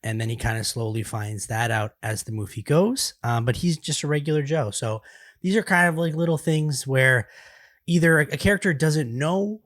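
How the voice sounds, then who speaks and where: A young man co-hosting a gaming podcast, easygoing and quick to laugh, thinking out loud as he talks. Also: on the high side, dry recording, studio quality. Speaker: podcast co-host. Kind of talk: casual gaming podcast chat.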